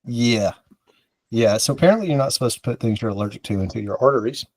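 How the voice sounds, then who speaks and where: A man's voice: medium pitch, expressive, quick pace, a little mellow, husky, dry recording. A man from the American South, a podcast co-host, telling a rambling, self-mocking story in casual chat and acting out the dialogue.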